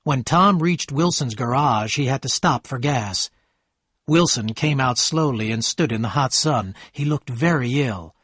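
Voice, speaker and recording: A man reading a story aloud in a plain, steady manner. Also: medium pitch, unhurried, slightly rough, no echo, clean studio sound. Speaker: narrator.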